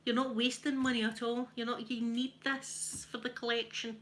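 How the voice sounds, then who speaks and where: A woman's voice: on the high side, little pitch movement, normal speed, a bit bright. A Scottish woman chatting casually on a live stream, self-mocking and laughing often as she talks to her viewers. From Scotland. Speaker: livestream host.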